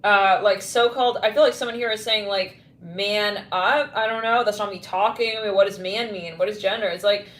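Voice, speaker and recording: A woman's voice: mid-range voice, steady tone, a little fast, few pauses, roomy sound. A woman giving a casual tarot reading, rambling and blunt with lots of fillers. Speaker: tarot reader.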